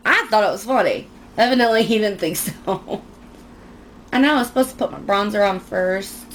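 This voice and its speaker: A woman's voice: medium pitch, moderate pace, background noise. A young woman chatting casually through a makeup tutorial at home, rambling and self-mocking. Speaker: beauty vlogger.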